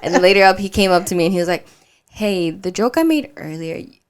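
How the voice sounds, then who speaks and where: A woman's voice: on the low side, fast talker. A young woman co-hosting a podcast, telling stories in casual chat with frequent laughter. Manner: animated storytelling with frequent laughs. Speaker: podcast co-host.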